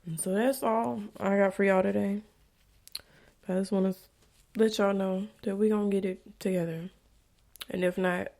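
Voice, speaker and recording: A woman's voice: medium pitch, vocal fry. Young woman podcast host, real candid talk, cusses a lot, slips into whispers sometimes. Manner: blunt, profane, drops into soft whispers. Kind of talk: candid confessional monologue.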